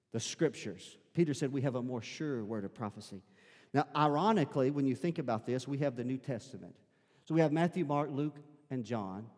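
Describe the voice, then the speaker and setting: A man's voice: mid-range voice, a little mellow, in a large hall. A man preaching a sermon as pastor, emphatic and repeating his phrases to urge the congregation on. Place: church sanctuary.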